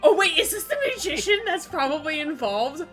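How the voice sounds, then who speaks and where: A woman's voice: high-pitched, lively intonation, fairly quick, music in the background. A woman streamer giggling and exclaiming through a live game playthrough.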